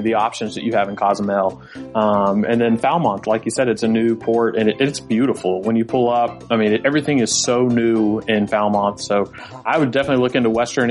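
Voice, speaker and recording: A man's voice: medium pitch, a little mellow. A man with a Tennessee accent, co-hosting a casual podcast in an easygoing, friendly way. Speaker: podcast co-host.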